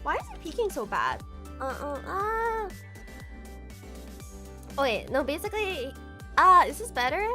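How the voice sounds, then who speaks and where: A young woman streamer with a high, light voice rambles through a story and peppers it with "like" and little laughs. Faint music plays under her talk. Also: sing-song, brisk, bright, forceful tone. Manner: chatty, lots of "like" fillers, laughing.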